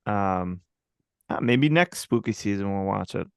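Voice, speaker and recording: A man's voice: lowish voice, expressive, measured pace, gravelly, clean tone, no echo. A man co-hosting a movie podcast who steers the segments with dry, crude jokes. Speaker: podcast co-host. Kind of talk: casual movie chat.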